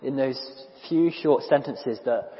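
A man preaching a sermon in a conversational, animated way, with quick asides and small restarts. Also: mid-range voice. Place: church. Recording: dull lo-fi recording in a reverberant church hall.

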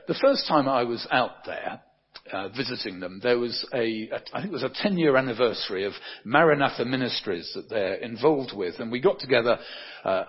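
Husky pastor in a reverberant church. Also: male voice, mid-range voice. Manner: conversational preaching with tag questions. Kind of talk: sermon. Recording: dull sound with long church reverb.

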